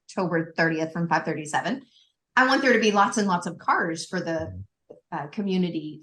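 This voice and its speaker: A woman co-hosting a church podcast, chatting casually, excitable and quick to laugh. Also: mid-range voice. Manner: laughing often, animated and excitable. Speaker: church staff member and podcast co-host. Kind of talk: casual chat.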